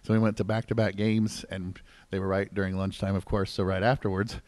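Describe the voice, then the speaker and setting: A man preaching as pastor in a church service, conversational and joking, with asides to the congregation and wide swings between loud emphasis and low asides. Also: level tone, fairly quick, no echo. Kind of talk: sermon. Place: church sanctuary.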